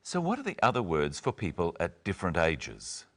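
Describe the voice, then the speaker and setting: A man's voice: sits low, moderate pace. A man co-hosting a scripted English lesson, expressively acting out example phrases and replies. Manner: expressive, acts out example exchanges. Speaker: English teacher, co-host.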